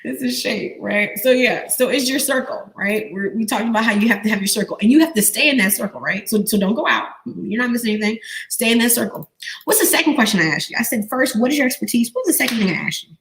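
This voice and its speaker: A young adult woman, an online business coach running a live training and quizzing her viewers with lively, repetitive call-and-response questions. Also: on the high side, fast.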